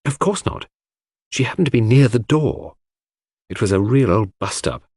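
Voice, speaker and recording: A man's voice: normal speed, slightly rough, dry recording, clean studio sound. A man voicing a gossipy, eager young woman in a storybook reading. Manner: high, lively and chattering.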